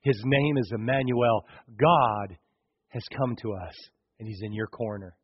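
Husky preacher delivering a sermon. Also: male voice, fairly low pitch, unhurried, dull audio. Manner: dramatic, swings from loud to hushed. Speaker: pastor.

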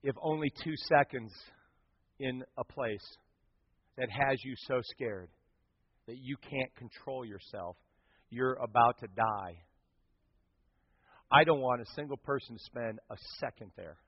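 A man preaching a sermon as pastor, telling a story with big swings from loud to hushed. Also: mid-range voice, unhurried, long pauses, breathy edge. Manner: animated storytelling with dramatic swings in volume. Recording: dull sound with long hall reverb.

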